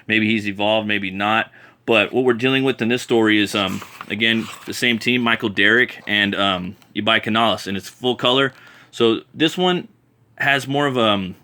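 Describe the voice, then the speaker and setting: A man reviewing comic books in a casual vlog, enthusiastic and rambling, often stalling on fillers and restarting his sentences. His voice is lowish in pitch but bright and forward. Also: normal speed.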